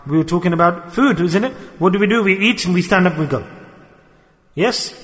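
Brief: male preacher, high voice, animated and earnest sermon, long hall reverb. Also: fairly quick.

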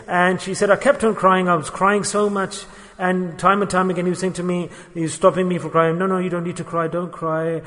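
A man's voice: on the high side, a bit bright. A man preaching a sermon with impassioned, rising and falling emphasis. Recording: long hall reverb.

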